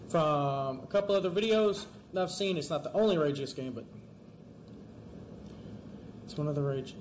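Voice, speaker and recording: A man giving let's-play commentary, talking fast and excitably and pleading and yelling at the game. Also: a little high, a little hiss or hum. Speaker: gamer.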